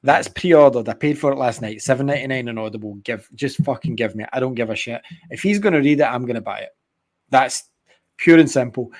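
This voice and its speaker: Man, podcast co-host, excitable, sweary, rambling casual chat. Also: medium pitch, fast.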